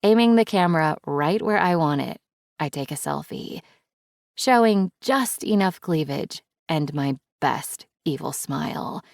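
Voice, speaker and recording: A woman's voice: deep voice, expressive, a little slow, creaky, darkish tone, no room sound, studio quality. A woman narrating a first-person romance audiobook in a wry, playful, intimate way.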